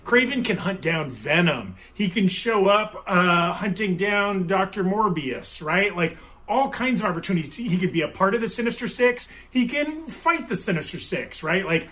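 Producer guy on a panel, high bright voice, chatty, keeps saying right?. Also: animated, normal speed, hardly any pauses. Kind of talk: casual panel chat.

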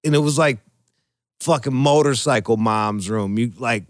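A man's voice: mid-range voice, moderate pace, no echo, studio quality. A man telling a crude story in casual chat, profane and rambling, full of fillers and restarts. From Michigan. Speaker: storyteller guest.

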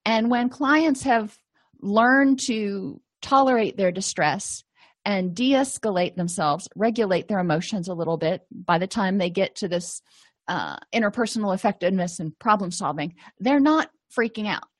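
A woman's voice: mid-range voice, animated, moderate pace. A woman teaching therapy skills to clinicians in a conversational way, often acting out short sample dialogues. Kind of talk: lecture to clinicians.

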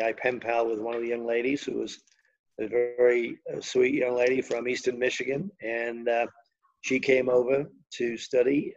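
Heard on a lo-fi recording, a medium-pitched older man from England, Liverpool accent and all, tells long, meandering stories littered with fillers while guesting on a storytelling interview.

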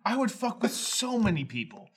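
A man's voice: very high voice, sing-song, normal speed, noisy background. A man co-hosting a casual podcast chat, drunk and laughing as he banters. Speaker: podcast co-host.

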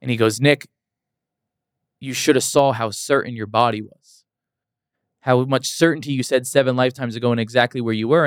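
Young male motivational speaker, earnest and emphatic, smooth resonant voice, dry close mic. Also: mid-range voice, no echo. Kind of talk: casual interview storytelling.

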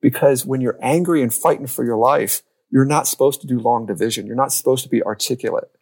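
This man speaks with a gravelly, creaky edge on a podcast. He tells stories in a lively way and slips into quoted voices. His pitch sits in the middle range. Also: brisk. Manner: lively storyteller who acts out quoted lines. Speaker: youth and family coach. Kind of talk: podcast conversation.

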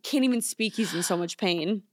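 A woman's voice: medium pitch, normal speed, no room sound. A young woman co-hosting a podcast, telling a story in casual chat with lots of "like" and acted-out quotes, in a studio. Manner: animated, lots of "like", acts out quotes. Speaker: podcast co-host. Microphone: studio mic.

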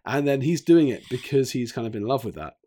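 A man talking casually about a film, animated and acting out quoted lines. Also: medium pitch, a little fast. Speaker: film reviewer.

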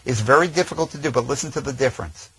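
A man coaching voiceover technique in a measured, friendly instructional talk. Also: medium pitch, fairly bright tone, husky, rough recording. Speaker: voiceover trainer.

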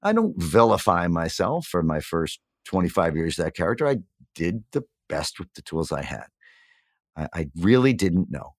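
A man in his fifties from New York, a guest in a candid interview, telling his story earnestly and reflectively with animated emphasis. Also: sits low, moderate pace, dry recording, clean studio sound. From New York, USA. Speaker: podcast guest.

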